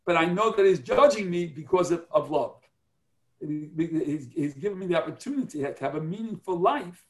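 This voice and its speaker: A man's voice: on the high side, lively intonation, moderate pace. A man teaching a religious class on prayer, earnest and explanatory, often checking in with his listeners.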